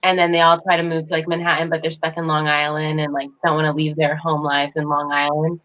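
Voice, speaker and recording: A woman actress chatting on a video call, animated and laughing often as she talks about her work. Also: deep voice, quick pace, rough recording. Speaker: actress guest. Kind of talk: casual video call chat.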